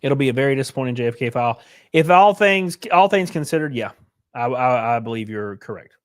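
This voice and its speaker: A man's voice: medium pitch, lively intonation, a little fast. A man hosting a casual livestream, reading viewers' comments aloud and answering them in a loose, joking, rambling way. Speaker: livestream host reading chat.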